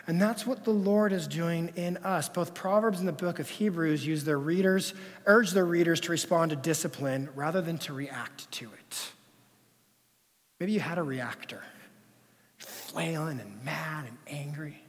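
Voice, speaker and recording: A man preaches from the pulpit with a slightly high voice for a man. He tells stories with animation, moving between loud emphasis and quiet, near-hushed moments. His voice carries the long reverb of a church hall. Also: unhurried. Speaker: pastor. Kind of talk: sermon. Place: church sanctuary.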